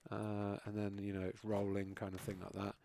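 A man's voice: lowish voice, completely flat delivery, moderate pace, creaky, warm tone, a little hiss or hum. A British man hosting a live game stream, chatting casually and joking with some swearing. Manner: chatty, swears freely, jokey. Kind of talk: casual chat while gaming live.

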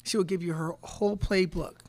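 A woman's voice: fairly low pitch, steady tone, fairly quick, a little mellow. A woman in her fifties, a head basketball coach answering press conference questions, telling stories emphatically and repeating words as she thinks.

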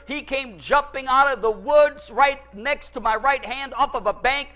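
High, bright-voiced fervent preacher man. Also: lively intonation, normal speed, hardly any pauses. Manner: fervent preaching with sudden shouted praise. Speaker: pastor. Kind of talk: sermon. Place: church service.

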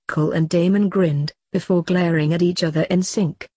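A woman reading fanfiction aloud in a steady narrating voice. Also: fairly low pitch, normal speed, hardly any pauses, slightly rough, dry recording. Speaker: fanfiction reader.

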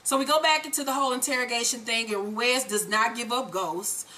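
A woman hosting a casual TV episode recap, telling the story with profanity and acting out the characters' lines in an animated way. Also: fairly high pitch, brisk, a little hiss or hum. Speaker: show recap host.

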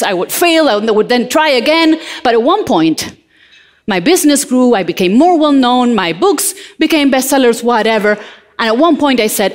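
A woman from Argentina, giving a lively motivational talk on stage and addressing the audience directly. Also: on the high side. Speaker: motivational speaker. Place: large hall on stage.

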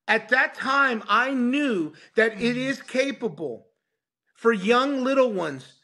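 Taking it slowly in a very high-pitched voice, a male pastor relates his testimony as a guest on a podcast. He's animated throughout and acts out what the people in the story said.

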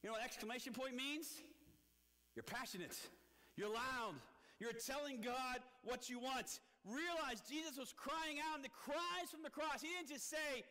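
A man's voice: very high voice, moderate pace, pushed and bright. A man preaching a sermon, emphatic, with many rhetorical questions and rising and falling delivery. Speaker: pastor. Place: church sanctuary. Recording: long church reverb.

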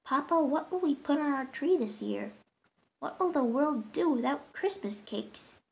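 A woman's voice: high voice, lively intonation, unhurried, vocal fry, a little mellow, heavily acted. A woman voicing a stubborn, hopeful young village girl who speaks wistfully.

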